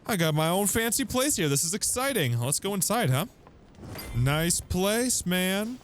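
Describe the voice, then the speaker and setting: A man's voice: high voice, big pitch swings, measured pace, slight background noise. A chatty young man giving let's play commentary on a video game, laughing often. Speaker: gaming YouTuber.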